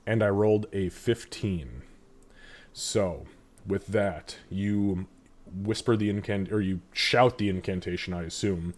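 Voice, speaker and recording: A man narrating as game master of a live tabletop game, measured and calm, with frequent fillers. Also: sits low.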